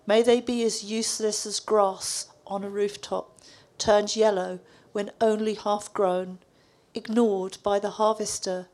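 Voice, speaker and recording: A woman from the congregation reading a psalm aloud, slow and measured. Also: mid-range voice, darkish tone. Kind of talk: Bible reading.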